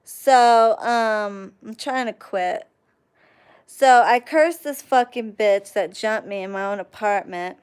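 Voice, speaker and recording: A young woman hosting a casual livestream, telling a profane, animated story and thanking chat viewers along the way. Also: mid-range voice, slow pace, smooth. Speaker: livestream host.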